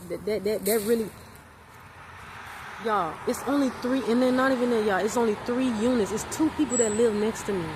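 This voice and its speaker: Woman ranting to her followers, lots of y'all, background hiss. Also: mid-range voice. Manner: repetitive, animated, addresses viewers as y'all. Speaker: vlogger. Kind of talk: casual storytime vlog.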